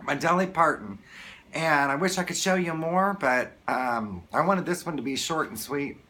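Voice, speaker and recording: A man telling a story to camera in a casual vlog, excited and gushing, often restarting his sentences. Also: on the high side, moderate pace, slight background noise. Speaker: vlogger.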